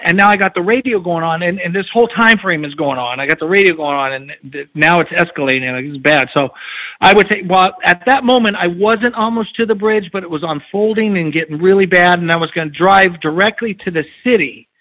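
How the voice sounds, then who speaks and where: Middle-aged male guest, high-pitched, animated storyteller, muffled lo-fi audio. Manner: animated, acts out quoted dialogue. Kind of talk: casual storytelling interview.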